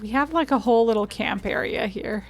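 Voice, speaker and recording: A woman's voice: a little high, brisk, vocal fry. A woman streaming a video game, chatting casually and reading in-game notes aloud. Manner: chatty, laughs often, trails off.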